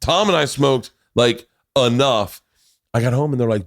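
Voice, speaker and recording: Man, middle-aged, podcast host, casual storytelling, fast, animated, laughing, mid-pitched voice. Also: no echo, studio quality.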